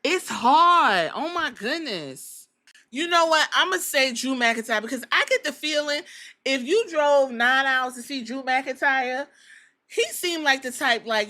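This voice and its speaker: A woman's voice: high-pitched, animated, unhurried, pushed and bright. A woman hosting a casual podcast, talking bluntly with plenty of swearing and jokes. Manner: blunt, profane, joking. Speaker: podcast host. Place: Columbus.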